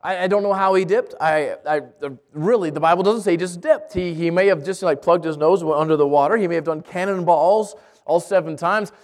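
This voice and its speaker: A man preaching a sermon, reading scripture and telling a story with lively asides and frequent restarts. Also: sits high, fairly quick. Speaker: pastor. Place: church in Albuquerque.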